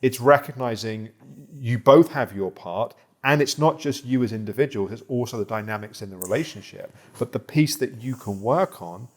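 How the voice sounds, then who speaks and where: A man guiding a therapy client, calm and reflective, explaining ideas with small restarts. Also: medium pitch, moderate pace, hardly any pauses. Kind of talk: therapy session guidance.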